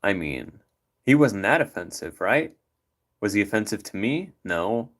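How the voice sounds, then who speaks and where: A man's voice: fairly low pitch, big pitch swings, unhurried. A man hosting a livestream, chatting casually with rambling jokes. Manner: rambling, joking, playful. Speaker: livestream host.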